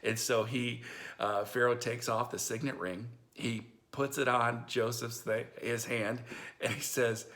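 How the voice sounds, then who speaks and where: A man's voice: mid-range voice, steady tone, unhurried, fairly bright tone. A man retelling a Bible story in a casual, folksy way, acting out the characters in modern slang. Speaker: storyteller preacher.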